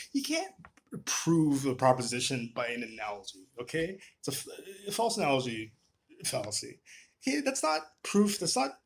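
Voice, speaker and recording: A man's voice: high voice, vocal fry, a little hiss or hum. A man delivering a casual, profane rant on camera, exasperated and full of restarts. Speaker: vlogger.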